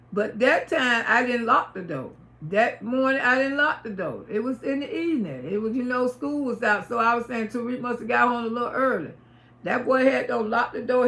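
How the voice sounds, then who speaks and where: A woman's voice: a little high, a bit bright. A middle-aged woman on a livestream from her home, telling a personal story in an emphatic, repetitive and profane way. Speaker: livestream host. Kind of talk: casual storytelling to a live audience.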